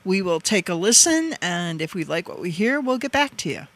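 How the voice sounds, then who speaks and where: A woman's voice: lowish voice, very animated, normal speed, no echo. A woman with a Wisconsin accent co-hosting a radio show, chatting casually and laughing often. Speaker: co-host.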